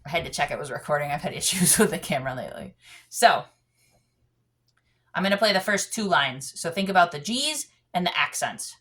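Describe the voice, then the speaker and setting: A woman's voice: fairly low pitch, expressive, a little fast, a bit bright. A woman teaching a piano lesson, explaining patiently and singing out counts while she plays. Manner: patient, demonstrates with sung counts. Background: piano playing.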